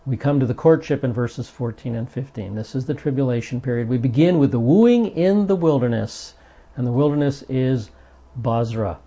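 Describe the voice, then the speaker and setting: A man's voice: mid-range voice, normal speed, dark tone. A man giving a Bible study lesson in an earnest, emphatic way, stressing the passages he reads aloud. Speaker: Bible teacher. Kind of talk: recorded Bible study teaching. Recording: dull lo-fi recording.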